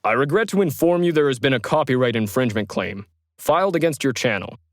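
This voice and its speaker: A man's voice: medium pitch, expressive, fast talker, no room sound, clean studio sound, close to an everyday voice. Narrator doing a formal, authoritative company man, slightly raised voice. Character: authoritative male company representative.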